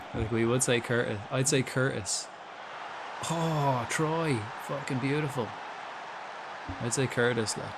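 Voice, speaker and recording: A man's voice: medium pitch, slow pace, pauses often, music in the background. A young Irish man chatting casually while streaming a football management game, reacting aloud and swearing freely. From Ireland. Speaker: gaming streamer. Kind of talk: casual live-stream commentary.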